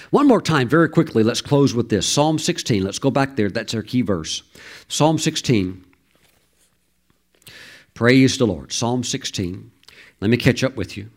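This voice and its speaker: A man's voice: medium pitch, lively intonation, moderate pace. A man preaching a sermon, emphatic, with stammered restarts and sudden exclamations.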